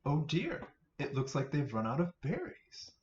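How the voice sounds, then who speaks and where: A man voicing a gentle, caring mother rabbit in a storybook reading. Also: fairly high pitch, huge pitch swings, normal speed, distant mic, a little hiss or hum. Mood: concerned. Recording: roomy, slightly dull sound.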